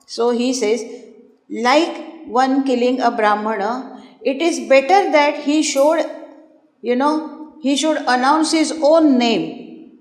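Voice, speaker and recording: A woman teaches a classical text in a slow, measured lecture, breaking off to recite lines and explain them with many "you know"s. Her voice sits a little high, and it carries through a large, echoing hall with a long reverb tail. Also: fairly even intonation. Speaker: lecturer on Sanskrit drama.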